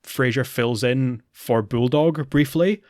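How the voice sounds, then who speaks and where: A man co-hosting a podcast in easy, rambling chat, recapping episodes with lots of ums and restarts. His voice sits at an ordinary middle pitch. The sound is dry and close, with no room around it. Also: takes it slowly, a little mellow, dry recording. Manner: chatty, recaps plot with frequent fillers. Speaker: podcast co-host. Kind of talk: casual chat.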